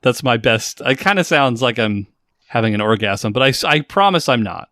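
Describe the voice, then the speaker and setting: A man's voice: mid-range voice, lively intonation, normal speed, pushed and bright, no echo, clean studio sound. A man in his forties hosting a casual podcast, playful and teasing with jokey asides. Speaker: podcast host. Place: home studio in the high desert.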